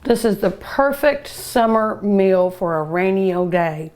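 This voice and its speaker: An older woman with a warm Kentucky drawl hosts a cooking show, savoring each bite and gushing over her dishes with hums and sighs. She takes her time, drawing out her words at an unhurried pace in a middle-pitched voice. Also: lively intonation. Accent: Kentucky Southern US. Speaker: cooking show host and restaurant owner. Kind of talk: food tasting show.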